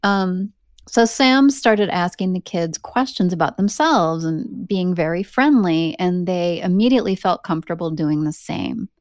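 A woman hosting a podcast, telling an eerie story in a casual, animated way with laughing asides. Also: on the low side, unhurried, dry recording, studio quality. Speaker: podcast host.

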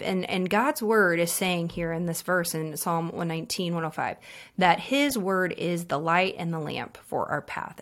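A woman's voice: fairly low pitch, gravelly. A woman in her thirties hosting a devotional podcast, talking in an earnest, encouraging way with casual fillers. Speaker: podcast host.

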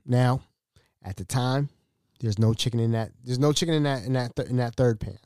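Animated man telling a work story. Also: medium pitch, moderate pace, no echo, studio quality. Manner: animated, slangy, breaks into acted-out dialogue. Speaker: podcast host. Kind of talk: casual storytelling podcast.

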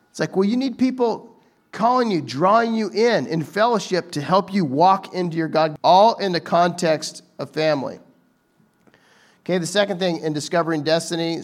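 A man giving a casual, conversational sermon, talking informally with frequent restarts and asides to the audience. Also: high-pitched. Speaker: preacher.

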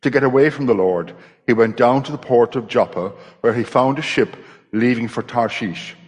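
A man reading a scripture passage aloud in church, measured and dramatic. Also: mid-range voice. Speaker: scripture reader. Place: church hall. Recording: long hall reverb.

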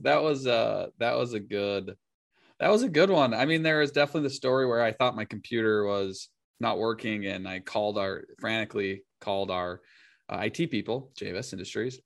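A man's voice: on the low side, normal speed, creaky, a bit bright, no echo, studio quality. A man co-hosting a podcast, telling casual stories and often laughing as he talks. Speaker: podcast co-host. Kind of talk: casual chat.

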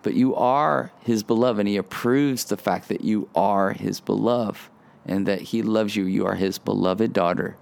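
A middle-aged man preaching a sermon, animated, acting out childlike boasting in a raised voice. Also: lowish voice, moderate pace, gravelly. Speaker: pastor.

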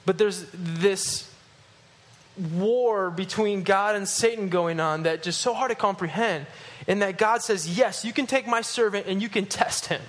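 A man with a high, light voice preaches a sermon. He goes low and hushed for scripture, then climbs higher and louder to drive a point home. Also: measured pace. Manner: animated, rising in pitch and force at emphatic points; drops low and quiet when reading scripture. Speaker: pastor.

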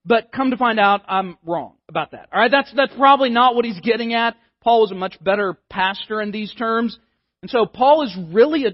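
A man's voice: high voice, dry recording, muffled recording. A male pastor giving a conversational, emphatic sermon, often repeating words as he builds a point.

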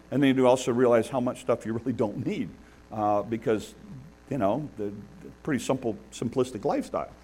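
A man preaching a sermon, animated, acting out the biblical figures he tells about with a laugh now and then. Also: mid-range voice. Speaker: pastor.

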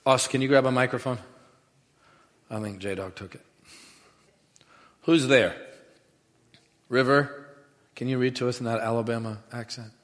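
A man's voice: medium pitch, fairly even intonation, moderate pace, pauses often, a bit bright. A man preaching a sermon with emphasis, leading the congregation in call-and-response. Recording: echoey hall with long reverb.

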